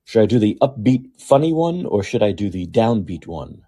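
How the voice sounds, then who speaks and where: Male podcast host, husky and mellow, lively sarcastic monologue with loud peaks and mumbled asides. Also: on the low side, moderate pace. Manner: sarcastic, animated, swings from loud outbursts to muttering asides. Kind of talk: opinionated monologue. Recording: talking alone at home.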